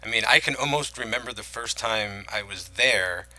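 A man's voice: fairly low pitch, moderate pace, bright, forceful tone, dry recording, rough recording. A man co-hosting a podcast, chatting casually about movies and rambling with many restarts. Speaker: podcast co-host. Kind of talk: casual film-talk chat.

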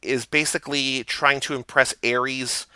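A man's voice: medium pitch, fairly even intonation, unhurried, sharp tone, clear, resonant tone, no echo. A man co-hosting a podcast, chatting casually about TV episodes and briefly acting out lines. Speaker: podcast co-host. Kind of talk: casual chat about a TV show.

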